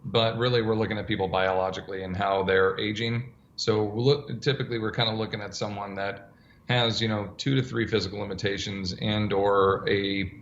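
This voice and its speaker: A low-pitched man with a gravelly, fry-laden voice explains how he coaches older adults, acting out conversations with clients in his stories. The sound is roomy and slightly dull, like a lo-fi remote call. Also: a little fast, a little hiss or hum. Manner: animated storyteller, acts out dialogue. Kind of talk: conversational interview answers.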